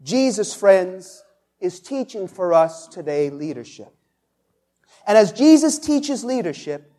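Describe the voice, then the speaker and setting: A male pastor preaching a sermon, drawing answers from the congregation and building to loud, emphatic peaks on key words. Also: high voice. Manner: call-and-response preaching, asks the congregation to answer.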